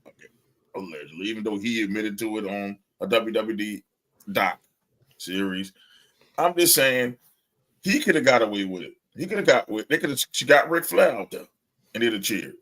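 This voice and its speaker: A man's voice: lowish voice, animated, moderate pace, fairly bright tone. A man co-hosting a podcast in casual chat, ranting with lots of swearing and frequent laughter. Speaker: podcast co-host.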